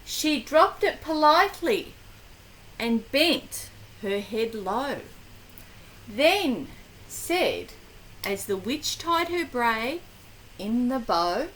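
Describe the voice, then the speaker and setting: Older grandmother reading a picture book to a child, high, lively voice, very slow and expressive. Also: low-quality recording. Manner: slow, animated, with gasps and questions to the child.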